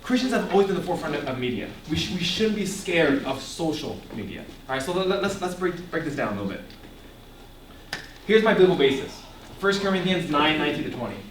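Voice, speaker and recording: Animated young man teaching in an echoey hall. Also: a little high, fast talker, far from the mic, a little hiss or hum. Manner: animated, asks the room questions, laughs often. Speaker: ministry speaker. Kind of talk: teaching talk to a young audience. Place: echoey room before a live audience. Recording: echoey room, voice picked up from afar.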